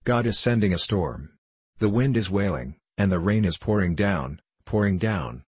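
A man's voice: deep voice, animated, normal speed, slightly rough, dry recording. A man voicing a pious, fussy old pilgrim woman who scolds. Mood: fretful.

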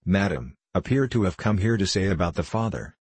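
A man reading the part of a sharp, proud young governess, speaking with cutting scorn. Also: low-pitched, expressive, brisk, slightly rough, no echo. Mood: scornful. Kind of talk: audiobook reading.

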